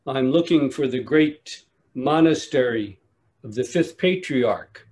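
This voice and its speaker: A man's voice: mid-range voice, lively intonation, slow pace, darkish tone. A man doing a lost, impatient young monk. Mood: pleading. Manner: politely formal, then exasperated.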